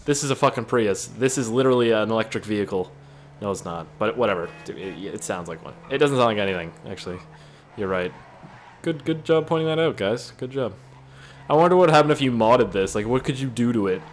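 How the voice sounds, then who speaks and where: A man's voice: fairly low pitch, expressive, brisk, a little hiss or hum. A young man hosting a gaming video with crude, joking, rambling commentary.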